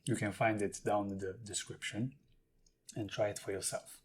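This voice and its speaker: A man's voice: on the low side, little pitch movement, normal speed, slightly rough. A man talking casually to camera in a food tasting vlog, explaining and eating as he goes. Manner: chatty, talks while eating and handling jars. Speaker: food vlogger.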